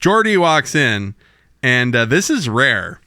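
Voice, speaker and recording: A man's voice: medium pitch, slow, no echo, studio quality. A man co-hosting a casual podcast, retelling a TV episode with profanity and acted-out quotes. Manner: animated, profane, acts out quotes. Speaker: podcast co-host. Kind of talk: casual chat recapping a TV episode.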